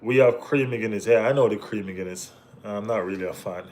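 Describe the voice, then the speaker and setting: Jamaican man, fairly low voice, streamer reading chat aloud, easygoing banter with playful teasing. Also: a little fast. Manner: laid-back banter with Caribbean slang, bursts of excited teasing. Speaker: football watch-along host. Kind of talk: casual live-stream chat reading viewer comments.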